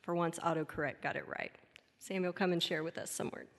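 A woman leading a memorial service, calmly introducing the next speaker. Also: fairly low pitch, fairly quick, gravelly. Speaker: service leader. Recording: long hall reverb.

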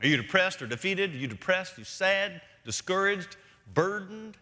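A man preaching a sermon with a bright, fairly high voice that rises and falls in lively swings. He hammers his points through repetition, dropping to a hush before lifting again. The sound carries the long reverb of a large church hall. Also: moderate pace. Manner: emphatic preaching, repeats key phrases, swings from loud to hushed. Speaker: senior pastor. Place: church sanctuary.

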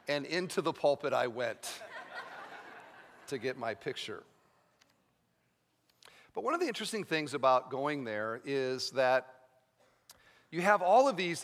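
Bright-voiced preaching pastor. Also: male voice, a little high. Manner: chatty storytelling that builds to fervent preaching. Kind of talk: sermon. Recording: long reverb of a large hall.

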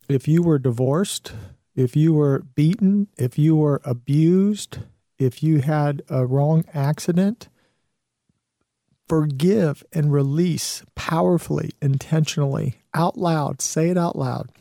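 A man's voice: on the high side, slow, vocal fry, warm tone, dry recording, clean studio sound. A man hosting a show, giving an earnest motivational talk with some restarts and fillers. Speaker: show host.

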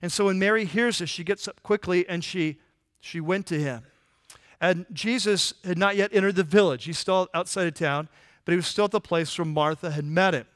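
High-voiced man preaching a sermon. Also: normal speed, dry recording, clean studio sound. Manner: conversational preaching with rhetorical questions; drops to a soft, low voice in tender moments. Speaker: pastor.

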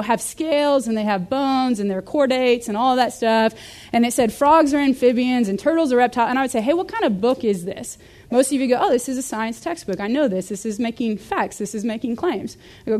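Young woman, Bible study teacher, lively and conversational, slightly high voice. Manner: lively, conversational, uses rhetorical questions. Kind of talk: teaching a class.

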